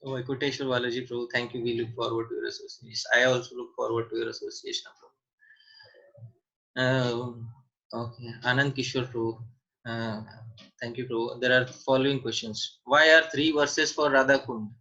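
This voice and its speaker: A man's voice: mid-range voice, flat delivery, moderate pace, gravelly, bright, forceful tone, dull audio. A man teaching a scripture seminar online, answering questions and repeating key points with emphasis.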